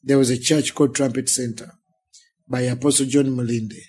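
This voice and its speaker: A man's voice: medium pitch, flat delivery, brisk, darkish tone, husky. A Ugandan man, a pastor in his thirties or forties, telling his life story as an interview guest and acting out the people in it. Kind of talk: emotional storytelling in a sit-down interview.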